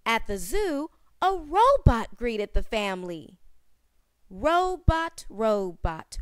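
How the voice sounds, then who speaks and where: Brief: woman phonics teacher, slow and clear, repeats each sound softly. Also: a little high, very animated, no room sound, studio quality. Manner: stretches and repeats sounds, drops to soft repeats. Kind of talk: slow storybook phonics reading.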